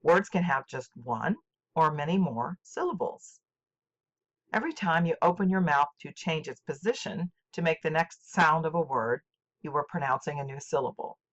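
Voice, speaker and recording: Older woman teacher, low lively voice. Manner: slow, deliberate, clearly enunciated teaching. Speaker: literature teacher. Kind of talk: scripted instructional lesson. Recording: dull lo-fi recording.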